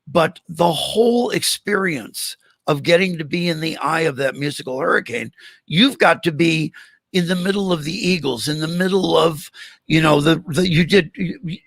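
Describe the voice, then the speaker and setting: A man's voice: fairly high pitch, moderate pace, gravelly, fairly bright tone, no room sound. An older man hosting a podcast, telling rambling anecdotes full of restarts and acted-out quotes over a video call from a home room. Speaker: podcast host. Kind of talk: casual storytelling chat.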